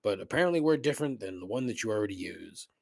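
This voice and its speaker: A man's voice: lowish voice, lively intonation, fast talker, vocal fry, a little mellow. A man voicing a male radio ad announcer for a bank in a salesy parody.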